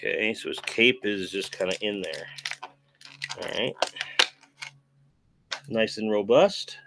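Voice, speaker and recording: A man hosting a relaxed, chatty stream while unboxing toys and answering chat messages. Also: on the low side, slow, creaky, heavy background noise. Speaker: host. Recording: faint background music.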